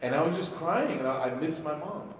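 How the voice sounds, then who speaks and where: A man's voice: on the high side, expressive, a little fast, a crowd in the background. A young man and imam giving an emotional talk to youth in a mosque, telling stories with jokes and frequent rhetorical questions. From Egypt (family), raised in Chicago. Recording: echoey hall from far off.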